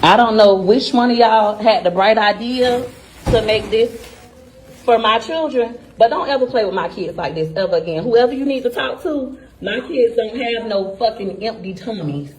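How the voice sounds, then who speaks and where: A woman's voice: fairly high pitch, expressive, normal speed, darkish tone, low-quality recording. A woman, a mother, ranting furiously and profanely in a vlog. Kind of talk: angry vlog rant.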